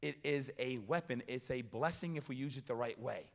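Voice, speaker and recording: A man giving an energetic motivational chapel talk, leading call-and-response with a crowd in a school hall. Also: medium pitch, a little fast, a little hiss or hum. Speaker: chapel guest speaker. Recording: echoey hall reverb.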